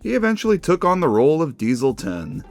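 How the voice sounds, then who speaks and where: A man's voice: a little high, a little fast, faint music behind. A man hosting a video essay, narrating in a casual, enthusiastic way. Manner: enthusiastic, animated.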